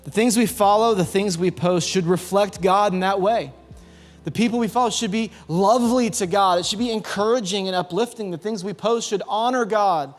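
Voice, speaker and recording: A man's voice: high voice, normal speed. A man with a Southern US accent, a youth pastor giving a sermon and firing questions at the audience to get responses. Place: church youth hall. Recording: long hall reverb, faint music behind.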